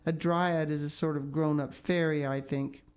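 A woman's voice: deep voice, steady tone, moderate pace, a little mellow, smooth, natural voice. A woman reading aloud, voicing a chatty, imaginative orphan girl who gushes breathlessly. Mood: dreamy chatter. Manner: breathless, gushing, dreamy.

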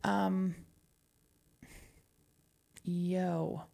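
Slow, gravelly woman DJ with Southwestern twang. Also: lowish voice, flat delivery, mellow. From New Mexico, US Southwest. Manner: chatty, wry, drawn-out pauses, laughs often. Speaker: radio DJ. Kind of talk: casual radio DJ chat.

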